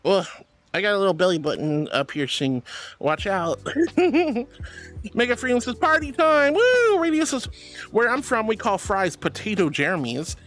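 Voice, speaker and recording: A man with a high, bright-sounding voice chats on a livestream, swinging widely up and down as he reads out his chat. He is bubbly and affectionate, calling everyone sweetie and darling, and slips into giggles and playful squeals. Soft music plays faintly behind him. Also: sing-song, moderate pace. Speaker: streamer. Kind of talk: chatty livestream reading chat.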